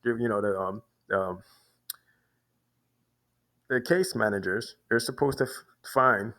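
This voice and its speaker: A man's voice: fairly low pitch, a little slow, bright, forceful tone. Rambling New man telling a story. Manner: rambling, many restarts and repeated words. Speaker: vlogger. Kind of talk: casual storytelling monologue.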